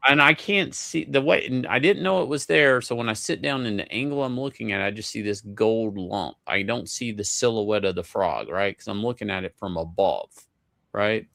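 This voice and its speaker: A man telling a casual story in an animated, profane way, with many stammering restarts. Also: on the low side, normal speed, gravelly.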